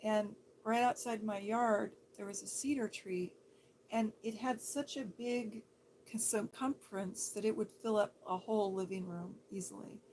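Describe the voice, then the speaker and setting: Slow, soft-spoken woman livestream host. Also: medium pitch, fairly even intonation, slight background noise. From Seattle, Washington State. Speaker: livestream host reading viewer comments.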